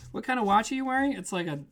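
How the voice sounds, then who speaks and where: A man's voice: high voice, a bit bright. A man hosting a livestream from his home kitchen, baking cookies and chatting casually with viewers in a rambling, joking way. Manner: rambling, jokey, reads chat aloud and laughs.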